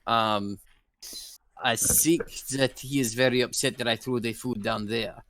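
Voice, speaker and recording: A man's voice: mid-range voice, fairly even intonation, unhurried, fairly bright tone. Hesitant man playing a tabletop game. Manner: hesitant, many ums. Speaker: player.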